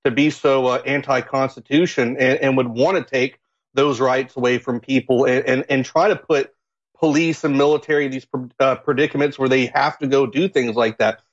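A man from Florida joins a political talk show as a guest, his voice a plain middle pitch. He speaks haltingly, stumbling through restarts and fillers. The sound is muffled and a bit lo-fi. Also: fairly even intonation.

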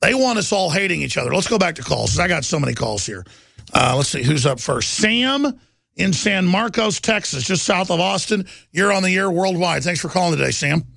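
A middle-aged man hosting a talk radio show, delivering an impassioned, rambling monologue that swings between loud bursts and low asides. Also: lively intonation, brisk, vocal fry, no room sound, clean studio sound.

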